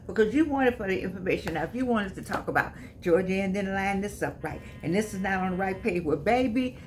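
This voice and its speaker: Speaking in a mid-range voice over slight background noise, an older U.S. author chats with viewers on her channel. Her delivery has a preacher's rhythm, and she keeps repeating phrases.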